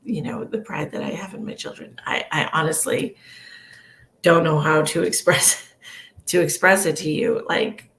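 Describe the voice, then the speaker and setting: A woman's voice: low-pitched, steady tone, a little slow, vocal fry, a bit bright, slight background noise. A woman psychic medium giving an emotional, earnest live-streamed reading, soothing and rambling with many fillers. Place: home livestream.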